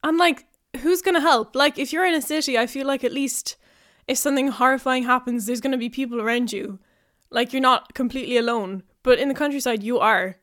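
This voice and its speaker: High, bright, giggly young woman. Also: a little fast. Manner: giggly, rambling, animated storytelling. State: out of breath. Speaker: podcast host. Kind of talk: casual solo podcast monologue. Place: house in the countryside.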